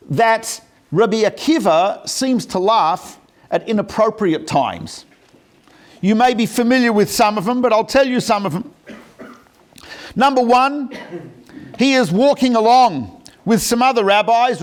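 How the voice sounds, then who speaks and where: Brief: male rabbi lecturer, fairly high voice, casual storyteller who drops in jokes. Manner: conversational, with humorous asides.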